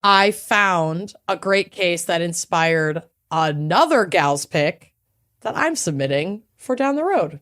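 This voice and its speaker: A woman's voice: fairly low pitch, lively intonation, slow, a bit bright. A woman, co-hosting a podcast in bubbly, joking casual chat. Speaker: podcast co-host.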